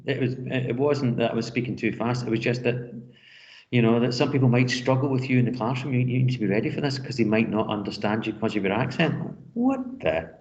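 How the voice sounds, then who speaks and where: A middle-aged man with a Scottish accent, a teacher telling classroom anecdotes in a quick, chatty way. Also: mid-range voice, fairly even intonation, darkish tone, dull audio. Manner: fast-talking, anecdotal. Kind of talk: casual classroom storytelling.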